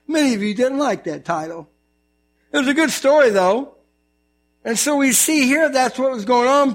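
A man preaching a sermon, telling stories with jokes and putting on voices as he goes. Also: high voice. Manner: animated storytelling, mimics voices, jokes. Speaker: pastor. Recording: mains hum.

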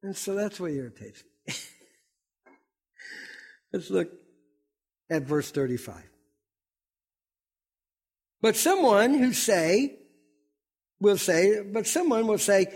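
A man's voice: high voice, very animated, takes it slowly, long pauses, a little mellow, slightly rough. A middle-aged man preaching a sermon as pastor, fiery and emphatic.

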